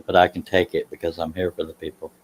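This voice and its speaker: A man's voice: deep voice, completely flat delivery, quick pace, heavy background noise. A man chatting casually on a live stream while he works in his workshop. He talks in a rambling, self-deprecating way and laughs at himself.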